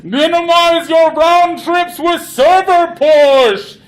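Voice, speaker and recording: A man voicing a bossy alien officer who shouts slow, drawn-out commands. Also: extremely high pitch, voice pushed up, rough recording. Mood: bellowing.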